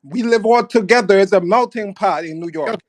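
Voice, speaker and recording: A man's voice: sits high, moderate pace, dry recording. A man calling in to a talk show, objecting and complaining about what the host says. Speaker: caller.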